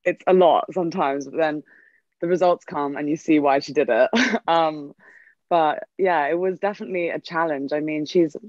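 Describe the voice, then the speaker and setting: A woman's voice: deep voice, normal speed, darkish tone, dry recording, dull audio. A woman in the film's cast answering on a Q&A panel, rambling casually with many fillers and restarts. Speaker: film cast member on a Q&A panel.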